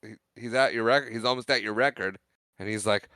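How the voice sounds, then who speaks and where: A man co-hosting a podcast, casually recapping a movie scene by scene and acting out lines in quick quoted voices, laughing often. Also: lowish voice, bright, forceful tone, no echo. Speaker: podcast co-host.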